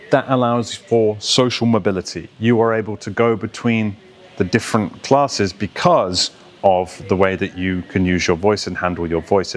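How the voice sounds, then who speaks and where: Male voice coach, lowish voice, instructive delivery with brief accent imitations. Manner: instructive, illustrates points by mimicking accents. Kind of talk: explaining voice and accent to camera.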